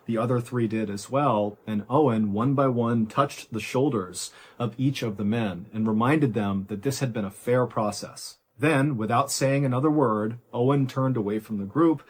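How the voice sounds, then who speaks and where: A man narrating a dramatic true story in a measured, suspenseful way, in short phrases with pauses. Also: medium pitch, breathy edge.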